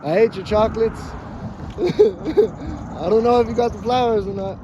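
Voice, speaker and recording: A man's voice: high-pitched, very animated, unhurried, dull audio, background noise. A man talking in a casual, profane, rambling vlog monologue, emphatic and dramatic with joking asides, recorded outdoors. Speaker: vlogger.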